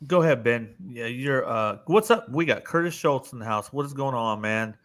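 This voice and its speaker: Speaking into a home computer mic, a man hosts a casual live-stream panel in an ordinary mid-range voice with a fairly bright tone. His intonation is lively and his speed normal as he talks loosely, curses freely, and hands the floor from one panelist to another.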